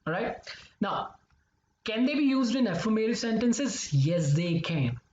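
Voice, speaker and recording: A man's voice: sits high, very animated, a little slow, darkish tone, slight background noise. Man teaching grammar in an echoey room. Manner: repeats examples, keeps checking in with "okay?" and "right?". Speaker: English teacher. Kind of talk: explanatory grammar lesson. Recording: echoey, slightly dull recording.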